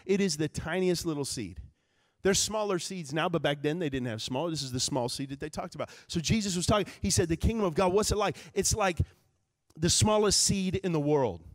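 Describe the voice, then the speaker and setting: Texas-accented pastor, man, high voice, dry close sound; loud preaching mixed with quiet, chatty asides. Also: no room sound. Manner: conversational, humorous, with many fillers. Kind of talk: live sermon. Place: church sanctuary.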